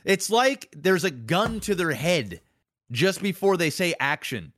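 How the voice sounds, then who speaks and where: A man's voice: high-pitched, very animated, a little slow, fairly bright tone, dry recording, clean studio sound. A man co-hosting a podcast, in casual chat, blunt, emphatic and profane. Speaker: podcast co-host.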